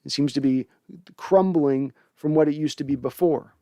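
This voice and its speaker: A young man hosts a casual fan show, reading out comments and answering with opinionated takes. His voice sits a little high and comes through smooth and resonant. The sound is dry and close. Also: moderate pace, mellow, no room sound. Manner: conversational, opinionated, frequent restarts. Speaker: sports podcast host reading viewer comments.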